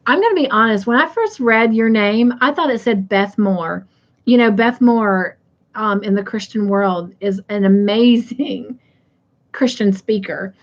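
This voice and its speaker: A middle-aged woman chats at a relaxed, unhurried pace as she hosts a crafting live stream from home. She reads viewer comments aloud and laughs easily. Her voice comes through slightly dull and muffled on the stream audio. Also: medium pitch. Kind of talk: casual live-stream chat.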